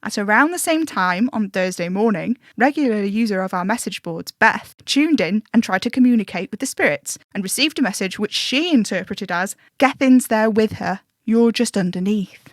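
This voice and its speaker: A woman's voice: mid-range voice, expressive, normal speed, hardly any pauses, dry recording, clean studio sound, close to an everyday voice. A woman voicing an earnest, matter-of-fact stand-in male radio advice host who over-explains things, in an audio drama. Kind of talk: scripted audio drama monologue.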